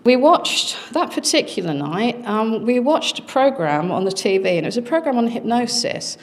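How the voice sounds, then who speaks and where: A middle-aged woman speaking at a conference, earnestly recounting a family experience with dramatic pauses. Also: fairly high pitch, very animated. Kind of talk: personal storytelling talk.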